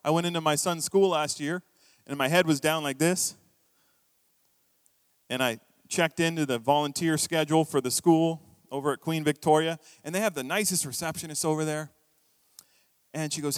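A middle-aged man preaching in a church, his voice a little higher than most men's. He tells stories with animated, acted-out quotes. The mic is close and dry, with a long hall reverb behind it. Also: normal speed, pauses often, clean tone. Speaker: pastor. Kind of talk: sermon.

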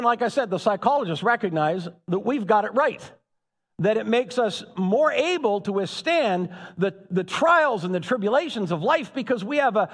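Pastor, man, high and very animated delivery, big reverberant hall. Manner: animated, calls out to the congregation. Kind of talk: sermon. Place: church. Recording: echoey hall.

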